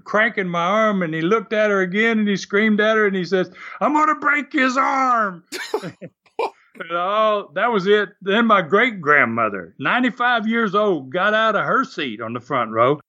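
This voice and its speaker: An older man with a drawl spins lively wrestling yarns, chuckling through them. His voice sits fairly high for a man, and the recording sounds dull and lo-fi. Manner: animated storyteller, laughs often. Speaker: former wrestler, guest. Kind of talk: storytelling interview.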